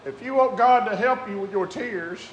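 A man preaching a sermon, moving between quiet conversational asides and drawn-out shouted climaxes. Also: high voice. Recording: echoey room with faint crowd and noise.

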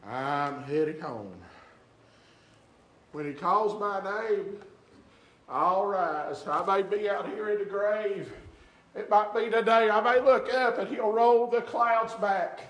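An older man preaching a sermon in a small church, swinging between shouted exhortation and hushed, drawn-out phrases. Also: on the high side, a little hiss or hum. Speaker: pastor. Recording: echoey church room, faint congregation.

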